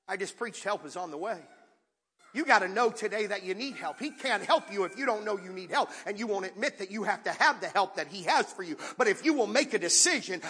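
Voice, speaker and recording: Pastor guy preaching hard, high husky voice, big church echo. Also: lively intonation, a little fast. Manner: impassioned, rising to shouts with audience call-outs. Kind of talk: sermon. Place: church sanctuary.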